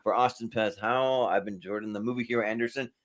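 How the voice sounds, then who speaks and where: A man's voice: fairly low pitch, steady tone, fast, fairly bright tone. A man hosting a movie podcast, talking casually and rambling through plans. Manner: rambling, many fillers and restarts. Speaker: podcast host. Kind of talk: casual chat.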